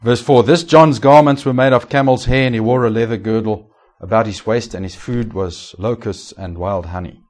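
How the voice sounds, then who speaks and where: Male pastor, mid-pitched voice, preaching with sharp loud-soft swings and rhetorical questions. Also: moderate pace, few pauses. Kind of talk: sermon.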